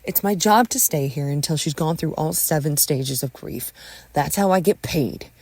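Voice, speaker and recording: A woman's voice: sits low, moderate pace, darkish tone, husky, dry recording. A woman voicing a rattled young man who stammers and hedges in a narrated audio story. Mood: plain. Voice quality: stammering, hesitant.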